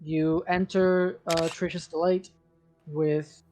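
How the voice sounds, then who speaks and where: A man's voice: fairly high pitch, flat delivery, darkish tone, a little hiss or hum. A man narrating as game master for a tabletop role-playing game, loose and full of fillers. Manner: slow, loose narration with many fillers and restarts.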